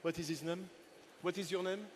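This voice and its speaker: Chatty chef guy in his 60s doing a live cooking demo on stage, kinda high voice, jokes around with the crowd, bit of faint noise behind. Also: steady tone, fairly quick. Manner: chatty and playful, teasing helpers and the audience. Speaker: chef giving a cooking masterclass. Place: festival stage in front of a live audience.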